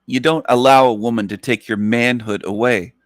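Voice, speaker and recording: A man's voice: medium pitch, steady tone, normal speed, no echo, clean studio sound. A man hosting an online radio show, ranting in an emphatic, profane, repetitive monologue. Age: adult, past twenties.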